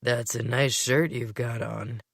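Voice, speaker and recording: A woman putting on a slow-drawling, teasing young man. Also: extremely low pitch, steady tone, creaky, no echo, clean studio sound, pitched below the performer's own voice, exaggerated voice. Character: laid-back young man, teasing and unhurried.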